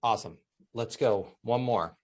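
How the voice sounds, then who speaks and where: A man's voice: fairly low pitch, moderate pace, darkish tone. A man who is a coach, interviewing a guest with long, conversational questions.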